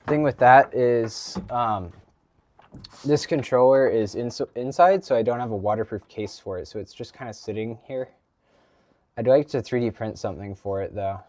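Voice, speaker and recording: Teen male streamer, mid pitch, loose rambling chat full of fillers. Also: normal speed, darkish tone, a little hiss or hum. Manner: rambling, lots of ums and restarts. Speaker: livestreamer. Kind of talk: casual live stream chat. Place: home garage.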